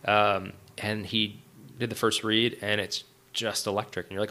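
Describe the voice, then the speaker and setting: A middle-aged man, a writer and director, talking casually as a podcast guest, animated, with many fillers and restarts. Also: on the low side, normal speed. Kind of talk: casual interview talk.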